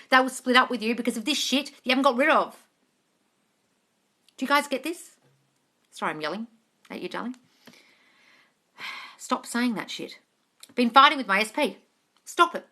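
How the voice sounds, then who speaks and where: Bright, blunt, swearing woman coach. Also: high-pitched, normal speed, pauses often. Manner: blunt, profane and emphatic. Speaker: manifestation coach hosting a live Q&A. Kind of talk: livestream question-and-answer.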